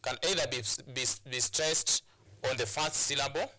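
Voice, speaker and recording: A man's voice: medium pitch, normal speed, pushed and bright. A man from Kenya teaching an English lesson on television, repeating key points and restarting phrases as he explains. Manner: repetitive, drilling points, many restarts and fillers. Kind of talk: classroom lesson on a TV show.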